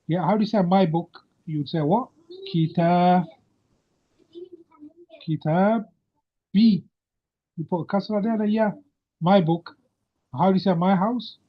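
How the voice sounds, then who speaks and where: A man's voice: sits high, normal speed, husky. A man teaching an Arabic grammar lesson over a video call, patiently quizzing his student. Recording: muffled video-call audio.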